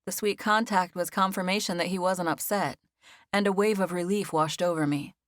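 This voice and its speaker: A woman reading a first-person novel as an audiobook narrator, with measured, even storytelling. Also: fairly low pitch, dry recording, clean studio sound.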